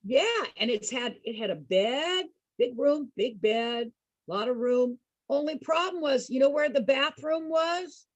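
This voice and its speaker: A woman entertaining program participants with an animated personal story, laughing often and asking her listeners questions. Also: sits high, unhurried, dry recording, muffled recording.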